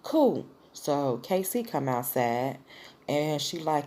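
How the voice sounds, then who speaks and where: Woman, low voice, blunt, swearing, casual storytime. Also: moderate pace. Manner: blunt, profane, animated storytelling. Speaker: vlogger.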